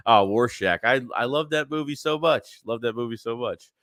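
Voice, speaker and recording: A man's voice: medium pitch, normal speed, dry recording, studio quality. Stuffy-nosed man rambling through chat. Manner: rambling, animated, reads chat aloud. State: stuffy nose. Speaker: sports livestream host. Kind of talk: casual live-chat commentary.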